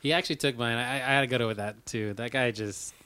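A man's voice: medium pitch, steady tone, quick pace, pushed and bright, clear, resonant tone, no echo. A man co-hosting a podcast, rambling loosely and profanely about a film scene. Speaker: podcast co-host. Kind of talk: casual film chat.

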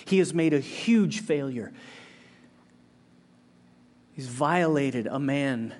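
A man preaching a sermon as pastor, earnest and conversational, swinging between raised, driving stretches and quiet, slow reflection. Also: medium pitch, expressive. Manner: earnest, conversational delivery with frequent restarts.

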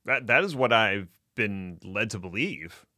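A man co-hosting a podcast in casual banter, playful and jokey with deadpan bits. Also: fairly low pitch, a little slow, no room sound, clean studio sound. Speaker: podcast co-host.

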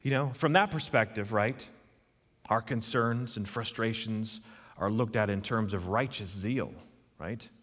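Male pastor, low register, earnest and emphatic sermon delivery, long hall reverb. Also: a little slow, fairly bright tone. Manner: earnest, emphatic, asks the listeners questions.

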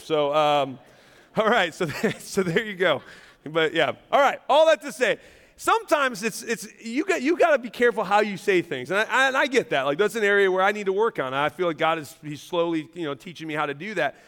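Lively high-voiced pastor in reverb. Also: male voice, moderate pace. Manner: animated, self-deprecating, jokes and laughs with the congregation. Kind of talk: sermon. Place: large church hall. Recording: long hall reverb.

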